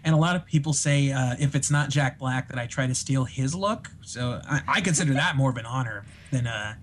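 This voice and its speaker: A man's voice: mid-range voice, brisk, a little hiss or hum. A man on a casual podcast, an impressionist who talks in an enthusiastic, jokey way.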